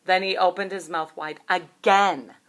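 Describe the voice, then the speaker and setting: A woman, a preschool teacher, reading a picture book aloud to young children in a gentle, expressive way, asking them questions. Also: lowish voice, a little slow.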